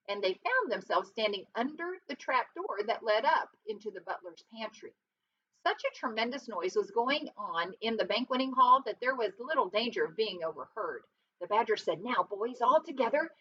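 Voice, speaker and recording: A woman reads a storybook aloud with lively expression and drops in short asides now and then. Her voice is bright and a bit high, and it comes through a dull, lo-fi recording with a faint hiss behind it. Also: slightly rough. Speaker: reader.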